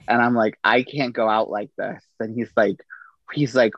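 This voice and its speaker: A middle-aged man tells his stories at an easy pace, acting out the people in them. His voice has a gravelly edge. The recording sounds dull and dry. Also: on the low side, normal speed, no room sound. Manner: relaxed anecdotal delivery with quoted dialogue. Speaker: podcast guest, army veteran. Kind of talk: casual storytelling.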